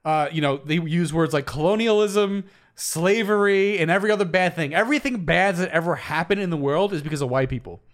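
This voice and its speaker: A man's voice: a little high, fairly quick. A young man from Brooklyn co-hosting a casual podcast, acting out quoted exchanges and swearing freely. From Brooklyn, New York. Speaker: podcast co-host. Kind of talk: casual chat.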